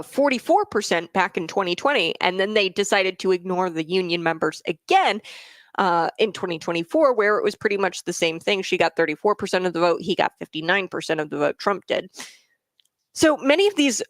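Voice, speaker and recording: A woman's voice: medium pitch, no echo. A woman hosting a political commentary show, talking in a casual monologue with many fillers and restarts, and answering viewer comments.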